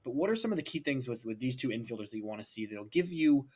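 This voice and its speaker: A man's voice: medium pitch, quick pace, breathy edge. Chatty young man talking prospects. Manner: animated, emphatic, lots of "like" and "right?". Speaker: podcast co-host. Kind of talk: casual sports chat.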